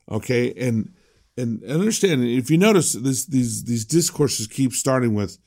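A man's voice: medium pitch, lively intonation, moderate pace, darkish tone. A man preaching a conversational sermon as a pastor, emphatic and prone to repeating words.

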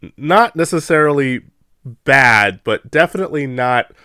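A man co-hosting a podcast, chatting casually about a film in an animated way with frequent laughs. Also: medium pitch, smooth, dry recording, studio quality. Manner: animated, laughs often, quick asides. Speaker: podcast co-host. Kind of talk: casual movie review chat.

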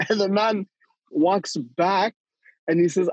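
A young man, telling a story on a podcast in a casual, animated way, laughing often and acting out what people said. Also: high-pitched, moderate pace, husky, no echo, poor audio. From Toronto, Canada. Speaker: guest storyteller.

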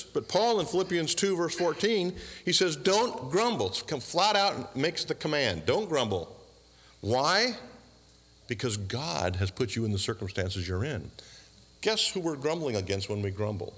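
A man's voice: on the high side, big pitch swings, a little slow, a bit bright, husky, big-room sound. A man preaching a sermon, asking the congregation questions and adding dry asides. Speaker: pastor.

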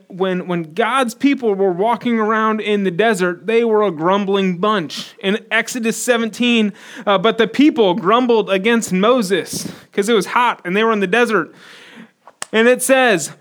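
A man's voice: high voice, unhurried. A man giving a conversational sermon, acting out the quotes he reads. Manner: conversational, animated, acts out quotes. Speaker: preacher.

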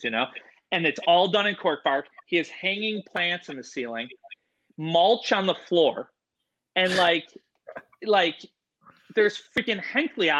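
A man who breeds reptiles, telling stories in casual chat with lots of fillers and swearing, getting animated. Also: high voice, highs cut off.

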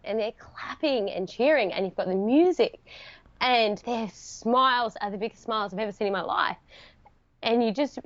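A woman's voice: on the high side, a little fast, no room sound, highs cut off. A middle-aged woman, a podcast guest, telling an emotional story, tearful at moments and laughing through her words.

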